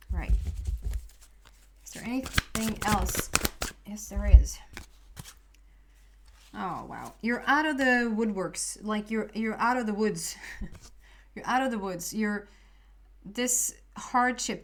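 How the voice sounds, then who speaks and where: A woman giving a casual spoken tarot reading, rambling with many fillers and restarts. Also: mid-range voice. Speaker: tarot reader.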